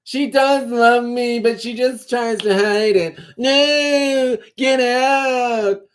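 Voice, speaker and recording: A man doing a high, whiny impression of a bickering young family member, petulant and squealing. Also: extremely slow, clear, resonant tone, exaggerated voice.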